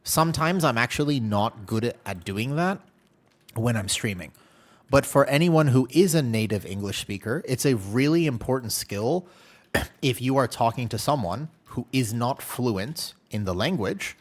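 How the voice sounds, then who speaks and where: A male streamer from the United States talks casually while he plays a game, open and chatty. His speaking voice sits at an ordinary middle pitch. He tells his stories with animated, playful exaggeration. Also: moderate pace. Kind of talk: casual livestream chat while gaming.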